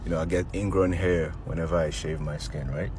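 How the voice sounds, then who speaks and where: A man's voice: a bass voice, fairly even intonation, brisk, background noise. A young man from Nigeria, casually and animatedly retelling a personal story with quoted reactions.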